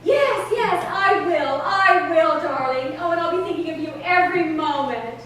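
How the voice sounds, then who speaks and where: A woman's voice: very high-pitched, lively intonation, moderate pace, fairly bright tone, a little hiss or hum. A woman playing a glamorous, vain stage actress in a live community theater show, effusive and laughing through her lines. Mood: gushing. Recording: echoey stage from a far camera.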